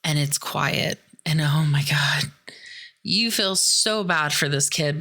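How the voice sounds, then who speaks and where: A woman's voice: low-pitched, slow, sharp tone. A woman from the Midwestern US hosting a podcast, recapping a film in a chatty, sarcastic way with plenty of swearing. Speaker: podcast host. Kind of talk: casual movie recap commentary.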